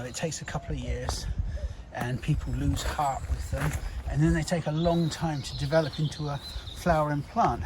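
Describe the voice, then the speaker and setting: A man's voice: a little high, noisy background. A man in his sixties from Britain, a gardener talking casually in his own garden vlog, rambling and hesitant with lots of restarts and side stories. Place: outdoors in a garden.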